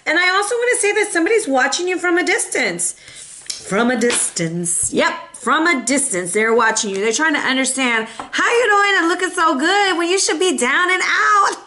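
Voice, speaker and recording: A woman giving a casual tarot reading, chatty and expressive, with playful asides to her viewers. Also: high voice. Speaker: tarot reader.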